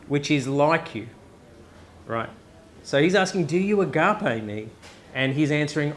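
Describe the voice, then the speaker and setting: A man with an Australian accent preaching a casual, joking sermon at a live chapel service, often tossing in a quick "right?" to the crowd. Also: a little high, expressive, a little hiss or hum. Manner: conversational, joking, frequent "right?" asides. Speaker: pastor.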